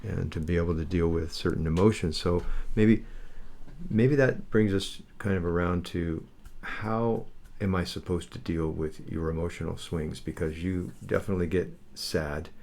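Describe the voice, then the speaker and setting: Older guy, very deep voice, steady and plain-spoken on a podcast. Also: normal speed, creaky. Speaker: podcast co-host, husband. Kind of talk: candid conversational podcast.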